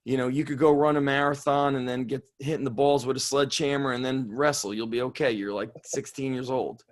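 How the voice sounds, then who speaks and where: A man's voice: medium pitch, fairly even intonation, a little fast. A middle-aged man, a strength coach, talking bluntly and swearing freely in a casual interview.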